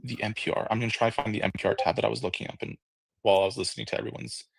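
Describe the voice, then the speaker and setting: A man's voice: lowish voice, steady tone, rapid-fire, vocal fry, husky, dry recording. A man speaking on an online panel, hesitant and full of fillers and restarts. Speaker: audio room panelist. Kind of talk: casual discussion.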